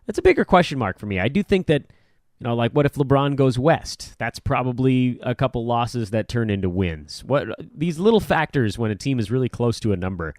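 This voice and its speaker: A middle-aged man hosts a casual sports podcast, his pitch rising and falling in a lively way as he rambles along. He pokes fun at himself, and his voice sits close and dry with no room sound. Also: a little fast, no room sound. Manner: lively, rambling, self-deprecating. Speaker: podcast host.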